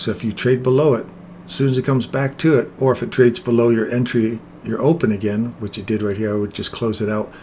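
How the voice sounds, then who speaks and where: A man hosting a live trading stream, explaining chart entries in a relaxed, jokey way. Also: fairly low pitch, slight background noise. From England.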